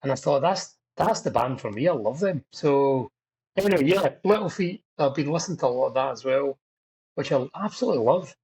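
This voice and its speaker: A middle-aged Scottish drummer, chatting as a guest in a casual interview, rambling through stories with self-deprecating humor. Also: male voice, fairly high pitch, animated, brisk, a little mellow, breathy edge, low-quality recording. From Scotland.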